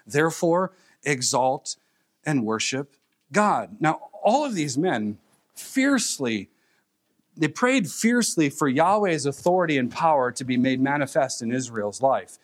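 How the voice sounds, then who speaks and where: A man preaching a sermon as pastor, emphatic, with pauses and repeated phrases. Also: medium pitch, sing-song.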